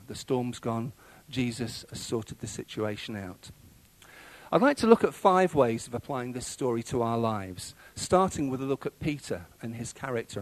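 A man's voice: mid-range voice, rough recording. A man preaching a sermon in a conversational way, with frequent fillers and restarts.

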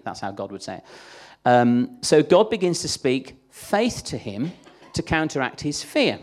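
A man's voice: medium pitch, sing-song, measured pace, hardly any pauses, darkish tone. A man preaching a sermon in a chatty, conversational way, acting out the voices he quotes.

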